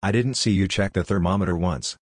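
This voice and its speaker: A man's voice: deep voice, brisk, no echo. A man voicing a sardonic, teasing talking rice cooker in a storybook reading. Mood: chiding. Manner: dry, teasing, chiding.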